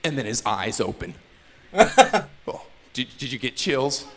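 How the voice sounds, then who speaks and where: A man doing a stand-up routine, telling a story with animated delivery and acting out characters' voices. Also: mid-range voice, unhurried. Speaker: stand-up comedian. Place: comedy stage. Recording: echoey noisy live stage recording.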